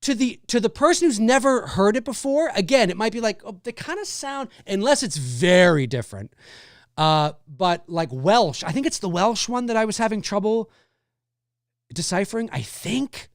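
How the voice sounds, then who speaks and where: A man's voice: sits high, animated, moderate pace, dry recording, clean studio sound. A man hosting a casual livestream, rambling about a horror film and reading viewer comments aloud. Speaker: livestream host.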